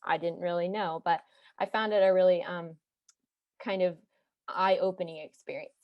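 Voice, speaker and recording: A young woman from Texas with no regional accent, telling a personal story to an audience in a chatty, animated way with side remarks. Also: on the low side, moderate pace, no echo, highs cut off. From Texas, United States.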